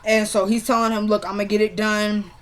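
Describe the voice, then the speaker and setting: A woman's voice: mid-range voice, little pitch movement, a little fast, a little hiss or hum. A young woman casually recapping a TV episode, chatty and opinionated, retelling scenes by quoting the characters. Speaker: TV episode reviewer.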